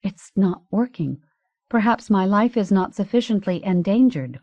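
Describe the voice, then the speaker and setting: A woman's voice: medium pitch, expressive, normal speed, mellow, no echo, muffled recording, close to an everyday voice. A woman voicing an emphatic, motherly queen in a fantasy audiobook. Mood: firm. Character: caring queen with a magic amulet.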